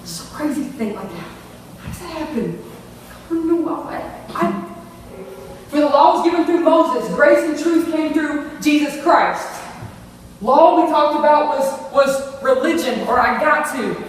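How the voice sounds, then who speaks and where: A woman's voice: high voice, expressive, unhurried, a little hiss or hum. Woman preacher, earnest, restarts often; distant, reverberant hall sound. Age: older. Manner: earnest, many restarts and asides. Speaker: youth ministry speaker. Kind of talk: sermon. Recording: echoey hall from far off.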